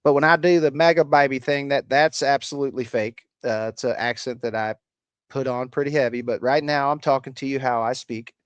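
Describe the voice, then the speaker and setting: A man's voice: medium pitch, brisk, clear, resonant tone, no echo, dull audio. A man with a slight Appalachian country accent, hosting a casual livestream, reading chat aloud and answering with crude, sarcastic swearing.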